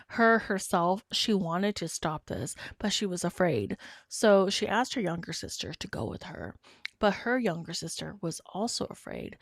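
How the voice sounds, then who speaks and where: Woman host telling a story, earnest and steady, low gravelly voice, dry sound. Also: dry recording. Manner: earnest, measured retelling. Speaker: podcast host. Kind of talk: storytelling narration.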